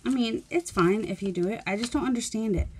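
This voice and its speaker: A woman's voice: a little high, brisk, a little mellow, slight background noise. A woman chatting in a rambling, self-deprecating way while she works on a mixed media collage. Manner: rambling, musing aloud while working. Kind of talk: chatty crafting vlog.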